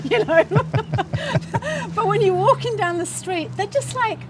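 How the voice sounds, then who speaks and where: A woman co-hosts a relaxed podcast outdoors in a garden, chatty and animated, laughing often. Her voice sits high and lively. She sounds a little off-mic, with a faint hiss of outdoor noise behind her. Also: takes it slowly, far from the mic. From New Zealand. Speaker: podcast co-host. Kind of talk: casual chat.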